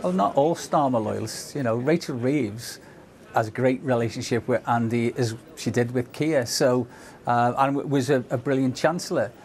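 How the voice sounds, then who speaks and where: A man with a Scouse accent, talking as a guest in a live interview. He speaks earnestly in a mid-pitched voice, often pausing and repeating words as he gathers his thoughts. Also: darkish tone. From Liverpool. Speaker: political guest.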